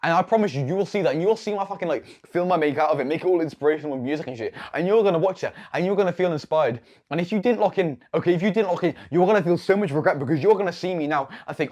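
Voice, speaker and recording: Fast-talking, hyped-up teenage guy. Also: fairly high pitch, darkish tone. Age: late teens. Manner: fast, profane and boastful, constantly tagging "okay". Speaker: YouTube creator. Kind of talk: hyped motivational vlog. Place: own room with whiteboard, self-filmed.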